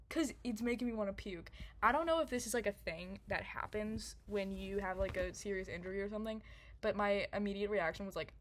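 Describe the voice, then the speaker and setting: A woman's voice: mid-range voice, a little fast, slight background noise. A young woman telling a story casually to camera, rambling, laughing often and full of fillers. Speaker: vlogger.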